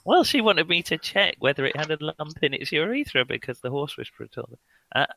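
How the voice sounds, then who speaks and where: Lively bright-voiced man playing a tabletop game. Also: on the high side, fairly quick, creaky, a little hiss or hum. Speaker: player.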